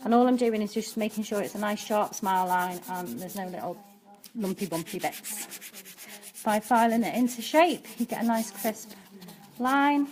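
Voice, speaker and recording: A woman talks viewers through a nail art demonstration on a live stream. Her manner is chatty and practical, and she fills pauses with ums as she works. Her voice sits in an ordinary middle pitch. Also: a little mellow. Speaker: nail technician and educator.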